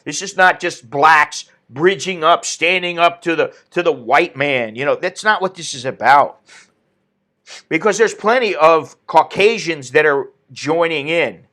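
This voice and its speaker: Man, ranting commentary host, indignant, fairly high voice. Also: measured pace, bright, forceful tone. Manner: ranting, indignant, reads chat aloud. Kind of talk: opinionated live-stream commentary.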